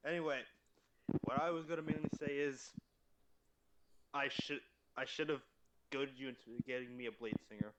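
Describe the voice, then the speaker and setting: Quiet, dry-joking man. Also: medium pitch, steady tone, normal speed, long pauses, background noise. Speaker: player.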